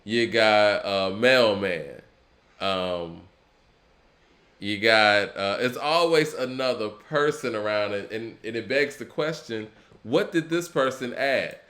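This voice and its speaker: Laid-back low-voiced man talking hip hop. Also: takes it slowly, a bit bright. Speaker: podcast co-host. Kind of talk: casual hip hop discussion.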